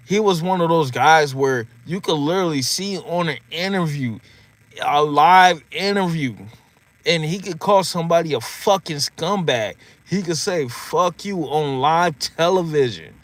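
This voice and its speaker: A man in his thirties telling old stories in a casual monologue, laughing often and swearing freely. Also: on the high side. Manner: animated, laughs often, swears freely, repeats "you know what I mean". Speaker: vlogger.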